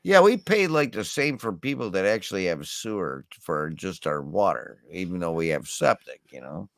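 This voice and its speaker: A man's voice: sits low, big pitch swings, moderate pace, creaky, dry recording, studio quality. A man in his sixties in a casual, argumentative chat, blunt and profane, laughing often. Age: 60s. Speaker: co-host.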